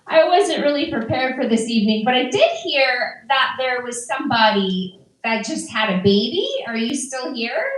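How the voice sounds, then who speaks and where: A middle-aged woman doing stand-up, firing off dry, deadpan one-liners in a high, lively voice. She takes her time between the jokes. The sound is heard from a distance in an echoey room. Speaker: stand-up comedian. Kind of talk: stand-up comedy set. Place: comedy venue before a live audience.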